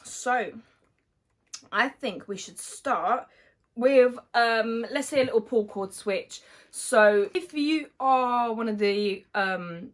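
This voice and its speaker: A woman, an electrician, slightly hoarse, explaining her trade in a casual vlog with many fillers, step by step. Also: fairly high pitch, slow pace.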